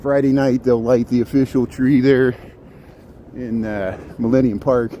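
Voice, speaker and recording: A man's voice: mid-range voice, flat delivery, a little slow, highs cut off. A man narrating a live stream as he walks city streets, chatting and greeting viewers by name, recorded on a handheld phone. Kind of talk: casual live-stream narration while walking. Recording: loud street traffic noise.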